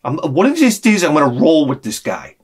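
A man's voice: a little high, fairly quick, slightly rough. A man hosting a casual unboxing vlog, rambling and exclaiming as he tells stories. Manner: rambling, animated storytelling with frequent exclamations. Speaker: YouTube collector vlogger.

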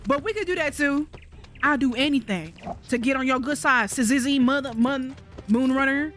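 A woman giving casual video game commentary in a high, bright voice. Her humor is blunt and sarcastic, full of profanity and rambling side stories told straight to her viewers. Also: animated, fast, faint music behind. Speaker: gaming commentator. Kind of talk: casual let's-play commentary.

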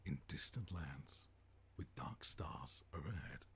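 A man's voice: very deep voice, animated, slow pace, breathy edge, in a whisper, heavily acted. A man voicing a storybook narrator in a video game, reading a rhyming bedtime tale. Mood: calm. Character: deep-voiced male storybook narrator.

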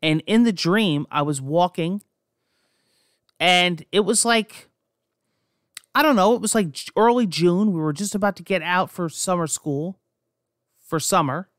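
A young man from New Jersey tells his stories casually, cursing freely and restarting his sentences as he goes. His voice sits on the higher side for a man. The recording is dry and close, with no room sound. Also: measured pace, pauses often, a bit bright, dry recording. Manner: rambling, profane, frequent restarts. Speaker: podcast host. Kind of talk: casual personal storytelling.

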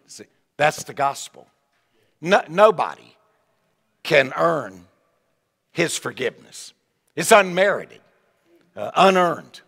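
An older man delivers a revival sermon in a folksy, animated style, circling back on his own words. His voice sits a touch high and carries a gravelly edge. The sound rings with a long reverb from a large church sanctuary. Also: measured pace, long pauses. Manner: folksy, animated preaching with asides and repeated words. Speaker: evangelist preacher.

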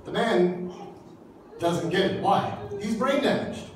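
High-voiced joking pastor in echoey hall. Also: male voice, takes it slowly, far from the mic, a little hiss or hum. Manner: jokey, acts out dialogue in voices. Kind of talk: humorous sermon. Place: church hall.

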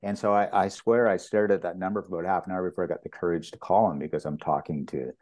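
Fast-talking and deep-voiced, this Canadian guest is a property master telling anecdotes in an interview. He brings his stories to life, voicing the quoted dialogue like an actor.

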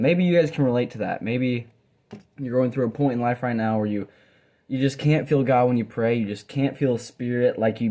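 Earnest young man, mellow voice. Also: mid-range voice. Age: young adult. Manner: earnest, rambling, with many restarts and fillers. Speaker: Bible college student sharing a devotional video. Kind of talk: casual devotional talk to camera. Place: college dorm room.

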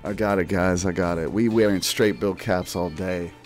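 A man's voice: low-pitched, steady tone, normal speed, faint music behind. Boastful man in mock-serious streamer patter. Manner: jokey slang-filled patter. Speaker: gaming video creator. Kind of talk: parody streamer commentary over gameplay.

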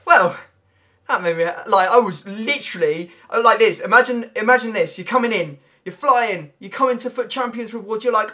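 A young man, giving excitable pack-opening commentary on a video game, breaking into loud shouts and laughter. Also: sits high, fairly quick. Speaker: gaming video creator.

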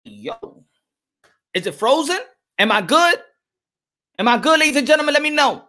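A man's voice: very high voice, sing-song, moderate pace, pushed and bright. A man calls a boxing match blow by blow as it streams, his voice jumping up with every good punch. He stumbles over fighters' names and keeps turning to his viewers to hype them up. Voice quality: repeats himself, stammers on names. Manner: hype, exclamatory, addresses viewers directly. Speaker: live boxing commentator. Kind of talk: excited live fight commentary.

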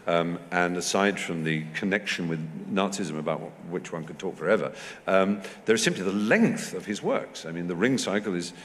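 A guest speaker from England, in his fifties, tells lively anecdotes at a moderate pace in a large festival hall, putting on high squeaky voices when quoting. Slight background noise accompanies the echoey recording.

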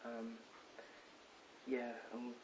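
Excitable teenage boy rambling in his bedroom. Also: mid-range voice, drawn-out words. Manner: rambling, excitable, chatty, many ums and self-corrections. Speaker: vlogger. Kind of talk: casual rambling vlog. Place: bedroom at home. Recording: dull lo-fi with faint hiss.

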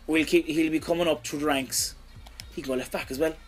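Young irish guy doing let's-play commentary, bit high pitched, cursing loads, gets loud when stuff happens. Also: fairly quick, soft background music. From Ireland. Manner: excitable, heavy swearing, shouts at big moments. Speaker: gaming YouTuber.

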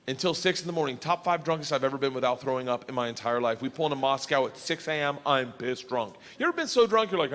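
A bright, wildly animated man tells a stand-up story and shouts his punchlines. His voice echoes through a large hall with a faint hiss. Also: mid-range voice, fast, hardly any pauses. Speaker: stand-up comedian. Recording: stage hall reverb, faint noise.

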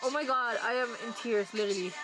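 A woman's voice: fairly high pitch, fast talker, rough recording. A young woman reacting to a music video, gushing and flustered, with music playing behind her. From Canada. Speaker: reaction vlogger.

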